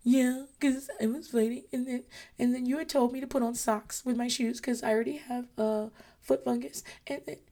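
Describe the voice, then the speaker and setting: A woman's voice: on the high side, steady tone, moderate pace, dark tone, pitched above the performer's own voice. A woman doing a rambling, sheepish little kid. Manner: rambling run-on confession, giggly. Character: young child sheepishly confessing misbehavior.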